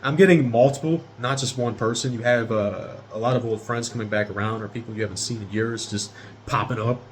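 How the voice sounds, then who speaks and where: A man's voice: lowish voice, slight background noise. Rambling, cursing tarot reader guy. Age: 30s. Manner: rambling and profane, talks straight to viewers. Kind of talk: casual tarot reading.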